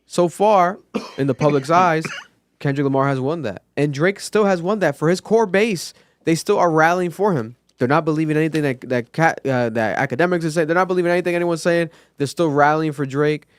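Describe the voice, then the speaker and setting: Smooth-voiced man on a podcast. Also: fairly high pitch, brisk, no echo. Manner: animated, talks through points out loud. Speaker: podcast co-host. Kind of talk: casual podcast commentary.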